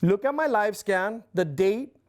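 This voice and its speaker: A man's voice: high voice, lively intonation, unhurried. A middle-aged man, an interview guest telling a heated, profane story in blunt, casual talk. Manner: blunt, heated, swears constantly. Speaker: interview guest, former club president.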